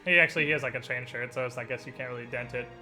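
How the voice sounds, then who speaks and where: A man running a tabletop game as game master, narrating with playful, quick asides. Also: mid-range voice, steady tone, bright, forceful tone, faint music behind.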